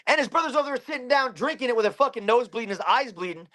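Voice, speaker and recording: A man, a bare-knuckle fighter from Pennsylvania, telling a story in an interview in an animated way and swearing constantly. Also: very high-pitched, racing.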